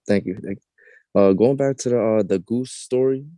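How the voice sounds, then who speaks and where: Low mellow guy in a group call, kinda hesitant, lots of ums. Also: no echo. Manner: hesitant, halting with fillers. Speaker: support group participant. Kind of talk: casual group discussion.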